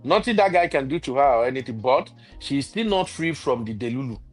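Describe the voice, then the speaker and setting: A man, a co-host in a casual talk show, giving strong opinions in a lively way and laughing often. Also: medium pitch, a little fast, faint music behind. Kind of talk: casual chat.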